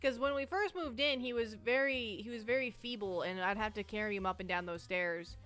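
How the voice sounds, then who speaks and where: Brief: jittery woman streamer, bright high voice, faint music behind. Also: brisk. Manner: nervous, rambling, self-interrupting. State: anxious and shaky. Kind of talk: casual live-stream chat.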